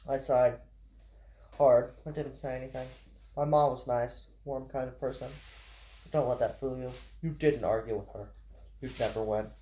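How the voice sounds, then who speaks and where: A man's voice: mid-range voice, mellow, a little hiss or hum. A man reading his story aloud in an amateur style, stumbling and restarting, with casual asides. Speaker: narrator.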